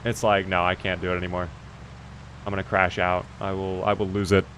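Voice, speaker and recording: A man's voice: low voice, flat delivery, brisk, fairly bright tone, a little hiss or hum. Chatty man streaming a game. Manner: chatty, reads and answers chat, swears casually. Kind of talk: casual live-stream chat while gaming.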